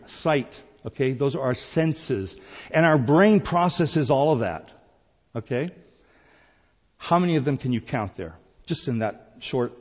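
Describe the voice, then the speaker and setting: A middle-aged man preaching a sermon, emphatic and repetitive, swinging between loud and quiet phrases. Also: medium pitch, husky. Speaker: pastor. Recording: dull sound with long hall reverb.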